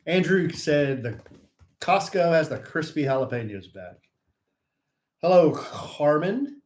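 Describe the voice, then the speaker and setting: Lively playful man greeting viewers. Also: fairly high pitch, slow. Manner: playful, teasing, lively banter. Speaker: co-host of a live stream. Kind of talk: casual live-stream chat greeting viewers.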